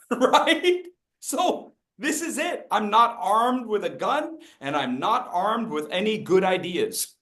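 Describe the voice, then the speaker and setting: A man's voice: high voice, measured pace. A man leading a speaking workshop, calling out upbeat instructions and joking with the group. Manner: upbeat, animated, jokes with the group; calls out instructions and audience names. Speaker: speaking coach. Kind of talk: interactive coaching workshop.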